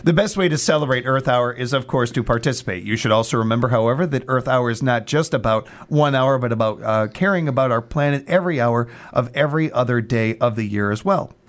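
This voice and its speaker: Chatty joking male co-host. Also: medium pitch. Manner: joking, chatty, halting with restarts. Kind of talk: casual chat.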